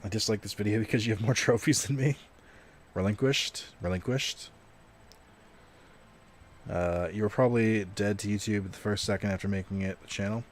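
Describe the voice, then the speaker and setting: A man's voice: fairly low pitch, steady tone, quick pace, hardly any pauses. A young man casually commenting on a card video game stream, rambling and self-deprecating, swearing now and then.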